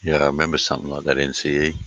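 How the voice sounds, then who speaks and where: A middle-aged Australian man chatting casually on a live stream, reading chat aloud, blunt and sweary with many filler pauses. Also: a bass voice, level tone, fairly bright tone, no echo, highs cut off.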